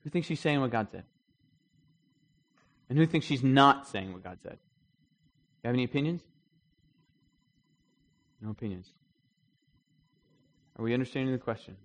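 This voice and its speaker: A man's voice: mid-range voice, animated, normal speed, pauses often. A man leading an interactive Bible study, talking conversationally, putting questions to the group and restarting his sentences often.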